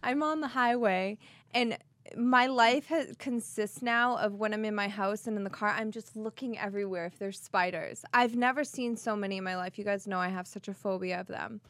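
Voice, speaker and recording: Animated young woman, dry close sound. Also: medium pitch, moderate pace, no echo. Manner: animated, dramatic storytelling. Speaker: podcast co-host. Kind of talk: casual chat.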